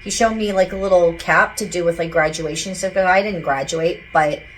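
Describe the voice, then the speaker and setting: A woman's voice: lowish voice, steady tone, normal speed, fairly bright tone, slight background noise, poor audio. Chatty woman relaying spirit messages. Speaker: psychic medium. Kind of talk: casual channeling session.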